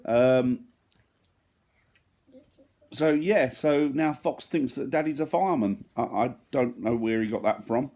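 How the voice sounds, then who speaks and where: A man's voice: mid-range voice, a little slow, long pauses, a little mellow. A man in his thirties chatting casually in a family vlog, rambling and joking at his own expense. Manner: rambling, joking, self-deprecating. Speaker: vlogger.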